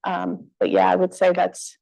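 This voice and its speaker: A woman's voice: on the low side, sing-song, moderate pace, creaky, dark tone, poor audio. Woman presenter answering questions. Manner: conversational, with fillers and restarts. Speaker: conference presenter. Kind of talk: Q&A after a talk. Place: conference room.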